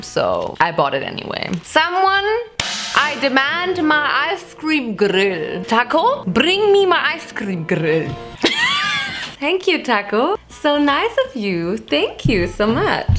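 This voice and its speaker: A young woman with a German accent hosts a casual cooking vlog, chatty and giggly, throwing in jokey asides as she works. Her voice sits at a middling pitch. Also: fairly bright tone, slight background noise. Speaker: vlogger.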